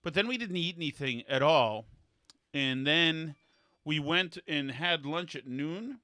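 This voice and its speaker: A man's voice: a little high, expressive, measured pace, pushed and bright, dry recording, clean studio sound. A man hosting a podcast in casual chat, rambling with many fillers and restarts, blunt and mocking. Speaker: podcast host.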